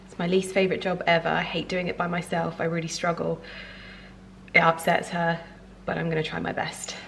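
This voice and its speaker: A woman's voice: fairly low pitch, completely flat delivery, fairly quick, creaky, background noise. A woman chatting casually to camera as a vlogger, talking in an emotional way with plenty of fillers and restarts. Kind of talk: casual vlog chat to camera.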